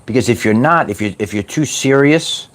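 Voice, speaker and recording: Animated man on a motivational livestream. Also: mid-range voice, normal speed. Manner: animated, repetitive, playful, drawls words like "baby". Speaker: host of a spiritual wellness livestream. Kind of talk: motivational livestream talk to chat.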